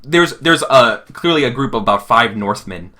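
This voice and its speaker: A man's voice: medium pitch, lively intonation, bright, forceful tone. A man running a tabletop role-playing game, talking loosely with many fillers and restarts. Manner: loose, halting, many fillers, laughs easily. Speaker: game master.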